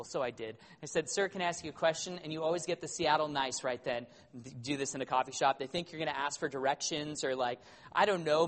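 Animated preacher in a reverberant hall. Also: male voice, a little high. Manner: animated, conversational, with wry humor. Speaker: pastor. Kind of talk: sermon.

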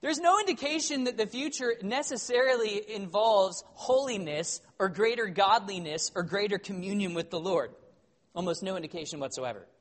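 A man preaching a sermon in an animated, conversational way with wry humor. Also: high-pitched, normal speed. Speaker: pastor. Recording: long hall reverb.

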